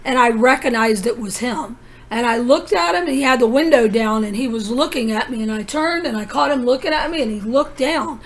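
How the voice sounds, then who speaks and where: A woman's voice: on the high side, brisk. A woman vlogging in a rambling personal monologue, telling her story in an urgent, conspiratorial way with many asides.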